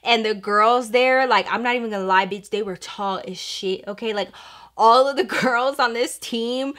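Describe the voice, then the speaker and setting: A woman vlogger telling a casual story in an animated, chatty, profane way. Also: a little high.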